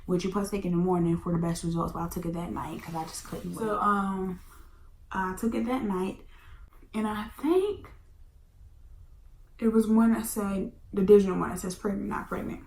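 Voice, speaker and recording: A woman's voice: mid-range voice, moderate pace. A woman, telling a storytime in a casual chatty way, sometimes dropping to a whisper. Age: 20s. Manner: chatty, animated, drops into whispers. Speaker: vlogger. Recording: echoey room, faint background hum.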